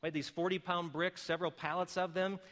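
A middle-aged man preaching a sermon, explaining calmly and then rising to loud, emphatic calls. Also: high voice, fast talker. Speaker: pastor.

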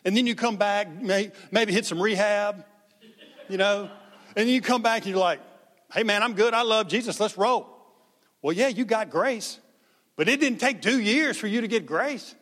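A man's voice: high-pitched, normal speed, big-room sound. A man giving a sermon as pastor, talking conversationally and acting out the people in the story. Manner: conversational, animated, acts out quotes.

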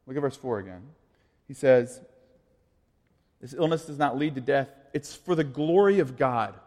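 A man's voice: mid-range voice, moderate pace. Casual man preaching in a reverberant hall. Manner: casual, conversational, swings from quiet asides to animated storytelling. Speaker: pastor. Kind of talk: sermon. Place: church sanctuary. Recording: long reverb of a large hall.

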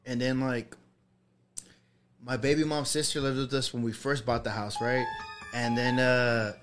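A man's voice: mid-range voice, level tone, measured pace, music in the background. A young man telling a personal ghost story on a podcast, rambling with lots of fillers and swearing. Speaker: podcast co-host. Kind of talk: casual storytelling.

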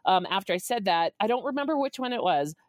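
A woman in her forties, a podcast guest, telling a story in a lively, laughing way and acting out the quotes. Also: quick pace, dry recording, studio quality. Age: 40s. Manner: lively, laughing, acts out quotes with big pitch jumps. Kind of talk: animated storytelling.

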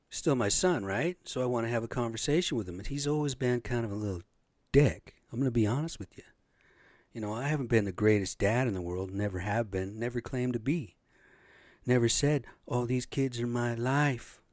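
A man's voice: medium pitch, a little fast, a little mellow, no room sound, clean studio sound. A man in his late fifties, a podcast host, rambling through a blunt, profane casual monologue. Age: 50s.

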